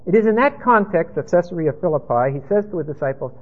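Husky high-voiced male preacher. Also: expressive, quick pace. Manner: emphatic, rambling teaching. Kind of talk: expository sermon. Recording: tinny phone-like sound.

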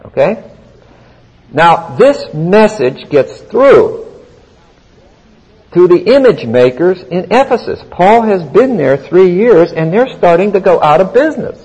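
A man teaching the Bible verse by verse in a deliberate, emphatic way. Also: sits high, very animated, darkish tone, husky, muffled recording. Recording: long hall reverb.

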